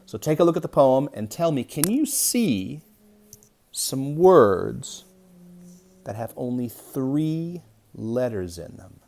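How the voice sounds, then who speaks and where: A young adult man teaching an early-grade reading lesson, reading aloud slowly and deliberately to young children. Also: medium pitch, expressive, darkish tone, a little hiss or hum.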